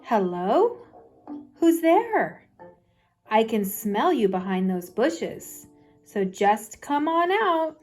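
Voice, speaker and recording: A woman voicing an excited young girl bear, sweet and pleading, in a storybook read-aloud with faint music behind. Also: very slow, full character voice. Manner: high, eager and pleading.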